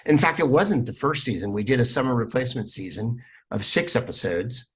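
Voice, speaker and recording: A man, a comedian guest on a podcast, telling stories in a lively, rambling way with plenty of fillers. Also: mid-range voice, fairly quick, slightly rough. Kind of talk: casual podcast interview.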